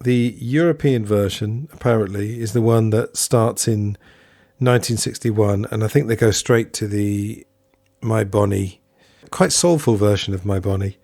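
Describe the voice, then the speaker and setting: A man's voice: lowish voice, measured pace, gravelly, dark tone, dry recording, clean studio sound. A man hosting a solo podcast, talking in a chatty, digressive way and often correcting himself. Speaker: podcast host.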